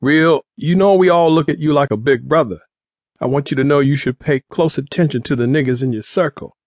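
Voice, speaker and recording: A man voicing a cocky, scheming teenage street boy who talks quick and pushy. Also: on the high side, a little mellow, no echo, clean studio sound, pitched above the performer's own voice. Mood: urgent.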